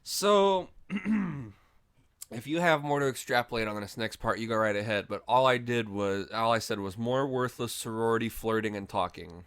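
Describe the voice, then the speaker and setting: Bright-voiced, tipsy young man ranting. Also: medium pitch, normal speed, clean tone, no echo, clean studio sound. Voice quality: animated, swearing, mocks characters with voices. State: tipsy from drinking. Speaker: movie review podcast co-host. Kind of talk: casual profane movie review chat.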